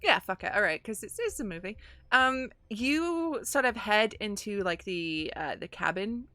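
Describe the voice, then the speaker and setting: Woman game master, bright voice, relaxed and jokey, leaning on fillers as she narrates. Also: mid-range voice, measured pace, no echo. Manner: loose and joking, many fillers. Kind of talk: running a tabletop spy game.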